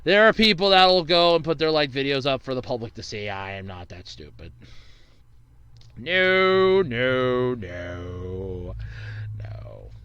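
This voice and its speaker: Young guy doing a rambling Q&A vlog, swears when ranting, bright clear voice. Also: medium pitch, a little fast, hardly any pauses, highs cut off. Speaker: YouTuber answering viewer questions. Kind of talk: casual Q&A monologue.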